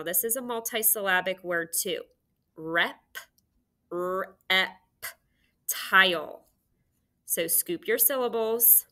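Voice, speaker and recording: A woman teaching a phonics lesson to young children, giving slow, clear, encouraging instructions. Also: mid-range voice, bright, forceful tone.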